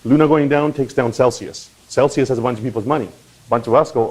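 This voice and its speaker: A man hosting a crypto channel, talking in a casual, animated explainer style and often checking in with "right?" and "okay?". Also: mid-range voice, a little fast, poor audio. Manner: animated, swings into loud mock voices and profanity; conversational with frequent "right?" and "okay?".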